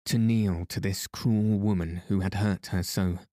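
A man reading a novel aloud as an audiobook narrator, calm and measured. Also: deep voice, no room sound, studio quality. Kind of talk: scripted narration.

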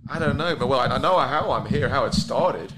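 A man's voice: mid-range voice, animated, a little fast, a crowd in the background. A man from England with an English accent, a guest telling his story earnestly in a casual interview. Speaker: guest, entrepreneur.

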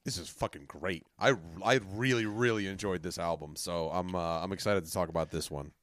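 A man's voice: low-pitched, brisk. A man co-hosting a music podcast, talking enthusiastically about music he loves. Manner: enthusiastic, animated. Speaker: podcast co-host. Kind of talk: casual music podcast chat.

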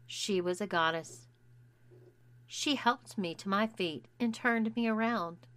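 A woman narrating a first-person story in a measured, intimate reading. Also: mid-range voice, a bit bright. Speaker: audiobook narrator.

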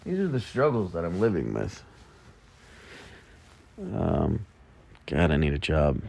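A man's voice: sits low, huge pitch swings, takes it slowly, creaky, a little mellow, slight background noise. A man hosting a solo podcast, rambling casually and mocking himself with jokey asides in the early morning. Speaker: podcast host.

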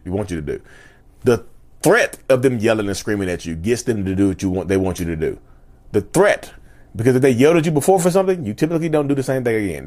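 A man's voice: mid-range voice, darkish tone. A man talking to camera in a casual monologue, repeating his points emphatically and laughing often. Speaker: vlogger.

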